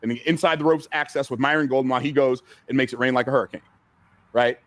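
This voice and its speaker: A man's voice: medium pitch, steady tone, fast, fairly bright tone, dry recording. A man teaching from a stage in a seminar style, emphatic and repetitive, asking the audience questions. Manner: emphatic, repeats key phrases, asks the audience questions. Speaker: business coach speaking on stage. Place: event room with a live audience.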